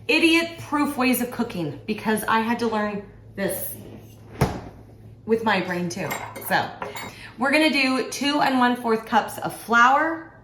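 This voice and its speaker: A middle-aged woman with a fairly high voice chats casually to the camera while she cooks, making light fun of herself. She sounds echoey, as if in a bare home kitchen, with a faint ambient hum behind her. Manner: chatty and self-deprecating, talking to the camera while cooking. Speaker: author and home cook. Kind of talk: casual cooking vlog.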